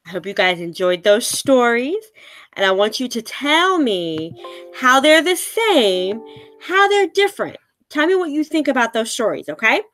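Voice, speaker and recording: A woman reading picture-book stories aloud to children like a teacher, slow, animated and expressive. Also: a little high, soft background music.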